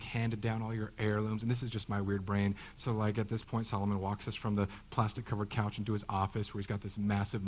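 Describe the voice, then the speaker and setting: A man's voice: fairly low pitch, darkish tone, slight background noise, low-quality recording. A man in his thirties, a pastor giving a conversational sermon, joking and acting out the voices he quotes. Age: 30s.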